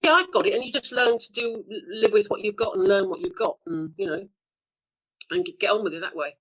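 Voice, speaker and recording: Middle-aged lady telling showbiz stories on a call, animated, acts out what people said. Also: mid-range voice, brisk, breathy edge, poor audio. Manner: lively storyteller, acts out quotes, laughs often. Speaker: actor being interviewed. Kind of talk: anecdotal interview chat.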